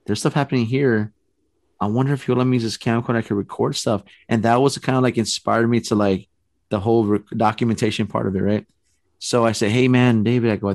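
A middle-aged man casually telling a story, animated and rambling, with restarts and acted-out quotes. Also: medium pitch, quick pace, no room sound.

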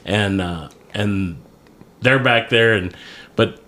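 A man's voice: lowish voice, slow pace, reverberant. A man co-hosting a podcast, telling a funny story in casual, profane chat. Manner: profane, animated storyteller who laughs often. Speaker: podcast co-host.

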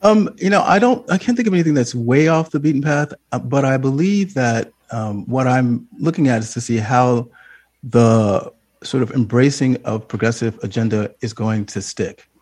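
A man's voice: medium pitch, normal speed, a little mellow. A man who directs an advocacy group, speaking as a radio panel guest in a hesitant, thoughtful way with many ums.

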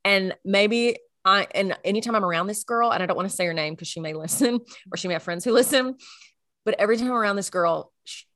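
A woman's voice: mid-range voice, quick pace, fairly bright tone, no room sound, clean studio sound. A young woman co-hosting a podcast, chatting casually and acting out what people said. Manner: chatty, acts out quotes. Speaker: podcast co-host. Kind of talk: casual chat.

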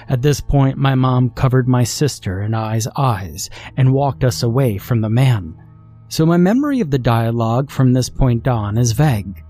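Dark-voiced man narrating horror. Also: medium pitch. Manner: measured, deliberate storytelling.

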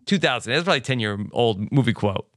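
A man co-hosting a podcast, chatting casually with quick asides and quoted movie lines. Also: mid-range voice, animated, no echo, clean studio sound. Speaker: podcast co-host. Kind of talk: casual recap chat.

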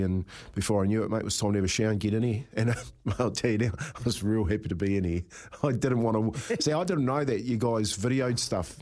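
A man's voice: lowish voice, fast talker, a little mellow. A middle-aged man hosting breakfast radio, telling rambling stories and laughing often. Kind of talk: casual radio banter.

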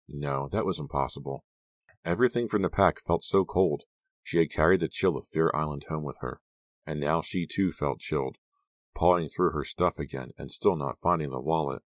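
A man reading a teen horror novel aloud as an audiobook narrator, in measured, steady storytelling. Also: extremely low pitch, dry recording.

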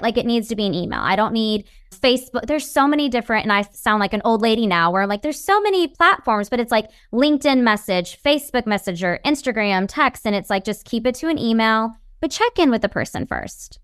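A woman guest in an interview, giving advice in an upbeat, animated way. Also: fairly high pitch, fast talker, few pauses, smooth, no room sound, studio quality. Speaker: guest, networking expert. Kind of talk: casual interview chat.

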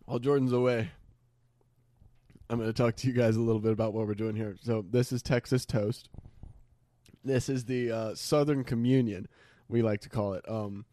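A man's voice: lowish voice, warm tone, no room sound. A young man co-hosting a podcast, chatting casually, joking and laughing often with rambling asides. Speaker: podcast co-host. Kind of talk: casual chat.

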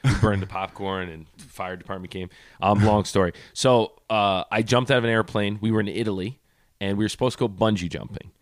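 A man's voice: lowish voice, steady tone, brisk, dry recording, studio quality. A man co-hosting a podcast, animatedly telling a story and acting out the people in it. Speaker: podcast co-host. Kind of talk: casual chat.

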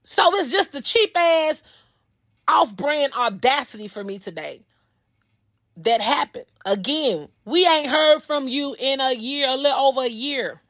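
A woman's voice: sits high, expressive, unhurried, fairly bright tone, no echo, clean studio sound. A woman in her thirties hosting a personal podcast, telling a story in a blunt, profane, heated way. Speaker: podcast host.

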